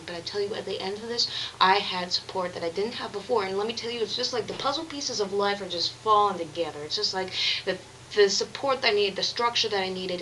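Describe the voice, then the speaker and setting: A woman's voice: mid-range voice, pushed and bright, a little hiss or hum, poor audio. A young woman vlogging, telling a personal story in a candid, earnest, rambling way with many restarts. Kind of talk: confessional vlog monologue.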